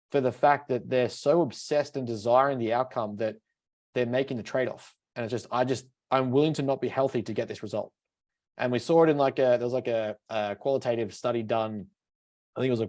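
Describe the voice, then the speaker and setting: A man talks quickly, cursing casually as he tells animated stories on a podcast. His pitch sits in an ordinary middle range for a man. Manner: swears freely, animated storytelling. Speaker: podcast co-host.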